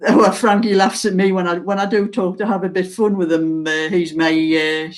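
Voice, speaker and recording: An older woman with a mild Geordie accent, chatting slowly and casually to her viewers as host of a knitting channel, laughing often. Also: lowish voice, steady tone. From North East England.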